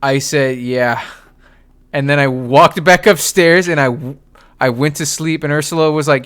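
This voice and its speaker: Swearing and laughing as he goes, this young man hosts a podcast and tells a story casually, performing other people's lines. His voice is a little high and a bit bright, smooth, with a moderate pace.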